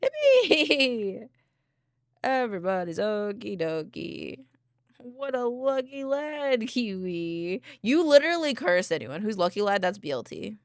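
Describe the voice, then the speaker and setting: Bubbly woman streamer, lively voice. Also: mid-range voice, clear, resonant tone, no room sound, clean studio sound. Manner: bubbly and playful, giggling often; quick to apologize and reassure. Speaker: livestream host. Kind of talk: casual chat with live viewers.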